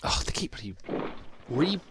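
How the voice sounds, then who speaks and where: A man's voice: slow pace, background noise. A man giving casual commentary as he plays a strategy game, chatty and thinking aloud with many restarts.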